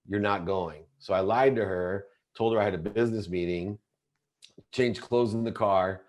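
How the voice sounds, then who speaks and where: Earnest, low-voiced man telling his story. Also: steady tone, normal speed, darkish tone. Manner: earnest, intense, often restarts mid-sentence. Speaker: podcast guest. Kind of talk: confessional storytelling in an interview.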